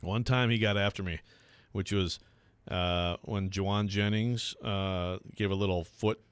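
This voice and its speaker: A man hosting a sports talk radio show, rambling and self-deprecating, quick to laugh. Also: deep voice, steady tone, clean tone, no room sound.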